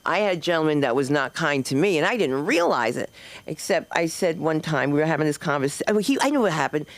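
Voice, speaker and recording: A woman's voice: deep voice, animated, quick pace, no echo. Rambling middle-aged woman comic hosting. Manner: loose, digressive storytelling, acting out quoted people. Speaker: stand-up comic and host. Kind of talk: rambling stand-up set. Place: comedy club stage.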